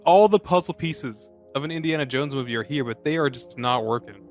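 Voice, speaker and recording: A man's voice: fairly high pitch, brisk, faint music behind. Sarcastic, jokey podcast co-host man. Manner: sarcastic, jokey, swears freely. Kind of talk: casual movie review chat.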